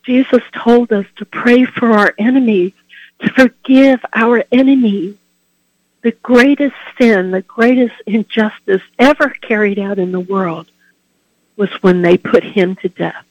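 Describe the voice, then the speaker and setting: A man giving a devotional Lenten talk as a Catholic preacher, earnest and heartfelt, letting his phrases trail off softly. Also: high-pitched, steady tone, measured pace, no echo, dull audio.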